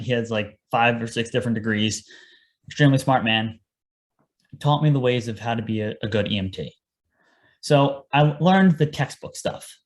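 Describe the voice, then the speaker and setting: An earnest young man talks casually as a podcast guest, telling how he got into his line of work. He speaks at an ordinary middle pitch and quotes his own past words as he goes. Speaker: guest, paramedic.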